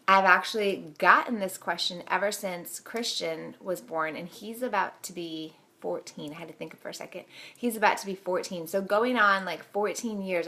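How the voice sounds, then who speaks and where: Thirtysomething mom vlogger, chatty and candid, telling stories on herself, mid pitch. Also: female voice, bright, forceful tone. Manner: chatty, candid and self-deprecating, with frequent fillers and laughs. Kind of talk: casual storytelling to camera.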